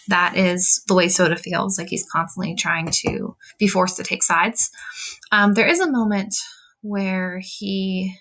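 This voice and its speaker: A woman's voice: mid-range voice, a bit bright. A woman teacher talking casually through a novel with a class, reading passages aloud and filling gaps with "um" and "like.". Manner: chatty, many "like" and "um" fillers; reads quotes from a novel aloud. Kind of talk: casual lesson walkthrough.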